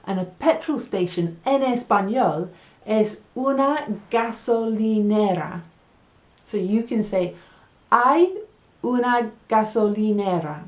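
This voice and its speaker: A woman with an English accent teaching a Spanish lesson, speaking slowly and repeating words so learners can practise them. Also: mid-range voice, roomy sound. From England. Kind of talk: language lesson.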